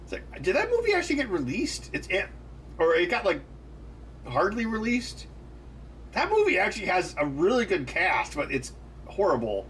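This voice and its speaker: A man's voice: high voice, wildly swooping pitch, moderate pace, fairly bright tone, a little hiss or hum. A man hosting a live stream, chatting casually with viewers in a rambling, loose way with lots of fillers. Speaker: livestream host. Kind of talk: casual chat answering live chat.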